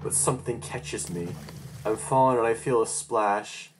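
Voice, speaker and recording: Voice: medium pitch, moderate pace. Tearful horror storyteller over guitar music. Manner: emotional, tearful delivery with frantic outbursts. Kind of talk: first-person horror story narration. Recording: guitar music playing behind the voice.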